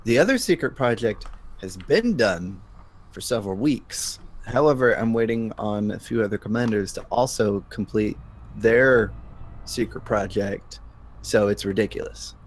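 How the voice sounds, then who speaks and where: Animated, jokey man on voice chat. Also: lowish voice, a little slow, slight background noise. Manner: animated, jokey, sleepy after waking. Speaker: guest. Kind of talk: casual gaming stream chat.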